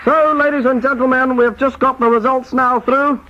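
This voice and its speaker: A man hosting a spoof quiz in a brisk, mock-formal announcing style. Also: very high-pitched, fairly even intonation, background noise. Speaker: quizmaster. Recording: dull lo-fi tape recording.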